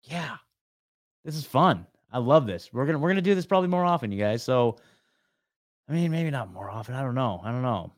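A chatty male host running a call-in podcast, rambling easily and tossing in "dude" and "man." He sits at a mid-pitched, ordinary voice in a dry, close room with no echo. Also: lively intonation, a little fast. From US West Coast. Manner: chatty, repeats words, calls people man and dude. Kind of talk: casual call-in chat.

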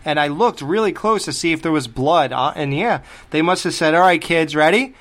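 A man's voice: on the high side, lively intonation, a little fast. A man co-hosting a horror movie podcast, joking and swearing in casual chat. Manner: profane, joking. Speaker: podcast co-host.

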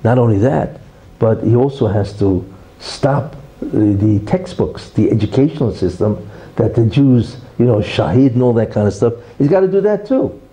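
A man giving an informal religious talk in an animated, rhetorical way, often checking in with "right?" and "you see". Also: fairly low pitch, normal speed, rough recording.

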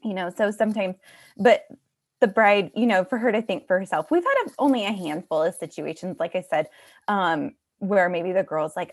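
A woman's voice: mid-range voice, lively intonation, moderate pace. Chatty bridal boutique owner, woman. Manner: chatty, with many fillers and restarts. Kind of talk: casual podcast conversation.

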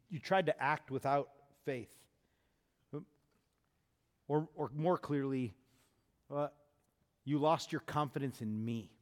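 A man preaching a sermon, acting out the voices of the people in his story and speaking with lively, conversational emphasis. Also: mid-range voice, long reverb tail. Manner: animated, acts out Jesus and disciples. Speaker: pastor.

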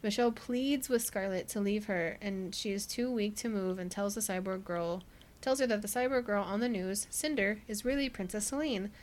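A woman's voice: medium pitch, normal speed, darkish tone. A woman co-hosting a podcast, recapping a book in a casual chat, who laughs often and says "like" a lot. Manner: chatty, laughs often, many "like" fillers. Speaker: podcast co-host.

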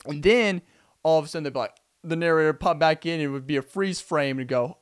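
Young man, podcast host, casual storytelling, rambling, animated, acts scenes out, highish voice. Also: fairly quick, clear, resonant tone.

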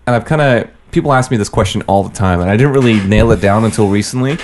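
Dry-humored man, low voice. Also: fast talker, a little mellow. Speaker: podcast co-host. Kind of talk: casual chat.

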